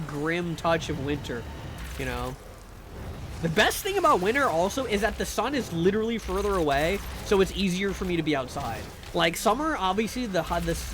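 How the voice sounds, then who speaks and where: Male live streamer with a high voice, chatty and profane, over a noisy background. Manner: rambling and profane, with excited sing-song greetings. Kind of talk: casual chat with live viewers.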